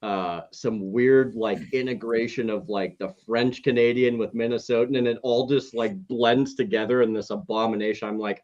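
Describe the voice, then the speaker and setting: A man's voice: mid-range voice, steady tone, normal speed, few pauses, darkish tone, muffled recording. A man guest on a podcast, telling rambling anecdotes in casual chat.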